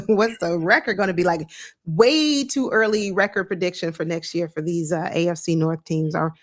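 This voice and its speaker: A woman with a slightly low voice hosts a casual live stream. She talks in an easygoing, earnest way and stops often to greet viewers by name. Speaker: host of a sports live stream.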